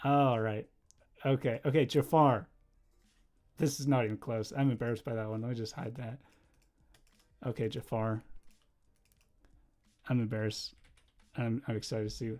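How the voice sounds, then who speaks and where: A young man chatting casually on a livestream while he draws, rambling and easily distracted, laughing often and bursting into loud excited exclamations. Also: mid-range voice, normal speed, pauses often. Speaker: livestreaming animator.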